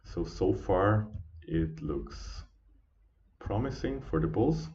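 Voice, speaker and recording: A tired man hosts a live trading stream in a very deep voice. He talks slowly and haltingly, with fillers and restarts. The audio is dull and lo-fi. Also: lively intonation, darkish tone. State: sleepy, yawning. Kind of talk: casual live trading commentary.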